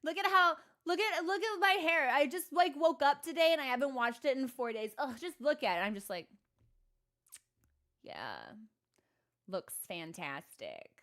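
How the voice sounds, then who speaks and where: A woman streams a game while chatting casually, rambling with sarcasm, self-mockery, and lots of fillers. Her high voice is pushed and bright, and she talks fairly quickly with few pauses.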